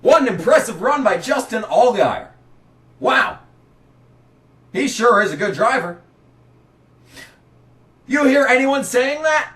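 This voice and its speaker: A man delivering a sarcastic, exasperated rant about motorsport, breaking into shouts now and then. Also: extremely high pitch, animated, takes it slowly, long pauses, far from the mic. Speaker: racing commentary vlogger. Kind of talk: ranting commentary. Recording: roomy, set back from the mic.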